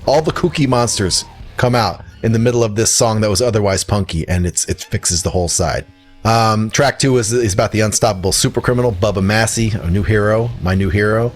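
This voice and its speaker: A man's voice: on the low side, a little fast. A man co-hosting a music podcast in casual chat, rambling and joking as he reviews a record, laughing at his own lines, with faint music behind him.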